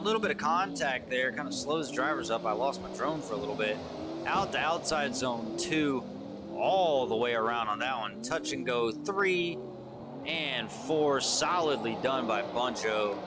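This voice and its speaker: Male drift commentator in a booth, mid-range voice, excitable play-by-play, casual and a bit profane. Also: medium pitch, heavy background noise. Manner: excitable, rising on big moments, casual swearing.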